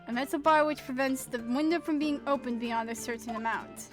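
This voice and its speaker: A woman voicing a cold, haughty male prosecutor who speaks slowly and disdainfully. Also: music in the background, close to an everyday voice. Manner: slow, disdainful and lowered.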